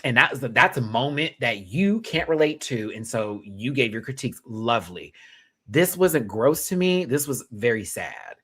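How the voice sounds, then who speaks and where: A young man hosting a live review chat, sassy and animated, laughing and then dropping to quiet asides. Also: mid-range voice, moderate pace, breathy edge. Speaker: host reviewing a reality show live.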